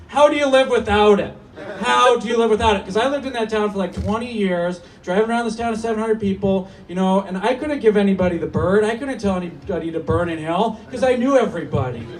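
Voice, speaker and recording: High-voiced man doing stand-up. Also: fast talker. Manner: animated, mock-serious storytelling with put-on voices. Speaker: stand-up comedian. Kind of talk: stand-up comedy set. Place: small cafe stage. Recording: distant mic with noisy room. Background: audience laughter.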